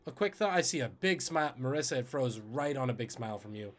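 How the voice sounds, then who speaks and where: Jokey, animated male trivia host. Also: a little high, a little fast. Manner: jokey, animated, swings between loud and muttered asides. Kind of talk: live-streamed trivia hosting.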